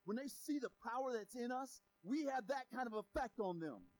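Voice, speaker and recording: Guy preaching, high voice, chatty and lively, gets loud then goes real quiet. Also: normal speed, rough recording. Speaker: pastor. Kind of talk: sermon.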